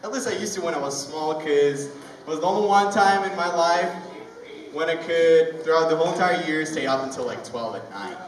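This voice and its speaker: Rambling stand-up comic with a Ukrainian accent. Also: male voice, on the high side, animated. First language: Russian. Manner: rambling, conversational storytelling with halting restarts. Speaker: open mic comedian. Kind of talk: stand-up comedy. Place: comedy club open mic. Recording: echoey room, mic far off, ambient noise.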